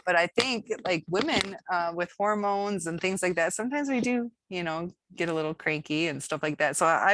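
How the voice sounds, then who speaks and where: A woman hosting her own channel talks straight to her viewers in a loose, rambling way, full of ums and restarts. Her voice sits low. The recording is dry, with no room sound. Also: fairly bright tone, no echo. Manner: rambling, many fillers and restarts, candid. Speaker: channel host. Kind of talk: casual talk to camera.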